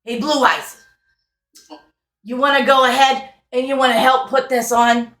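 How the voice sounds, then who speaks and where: A woman voicing a flamboyant male carnival barker who talks in loud, teasing showman patter, recorded in an echoey room. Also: high voice, level tone, measured pace, voice pushed up.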